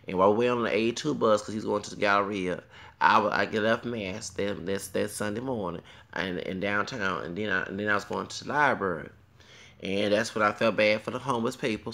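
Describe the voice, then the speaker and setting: A man talks straight to the camera in a long, crude monologue. His voice is gravelly with a bright, forward edge, and he wanders from point to point with plenty of profanity. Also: fairly low pitch. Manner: crude, rambling, digressive, frequent profanity. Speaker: vlogger. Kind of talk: rambling monologue rant.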